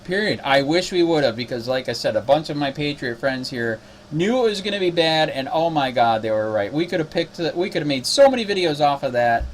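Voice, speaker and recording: Indignant man, activist, loose rambling recap, slightly high voice. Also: animated, a little fast, a little hiss or hum. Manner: indignant, exasperated. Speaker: cop watch activist. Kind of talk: casual spoken recap.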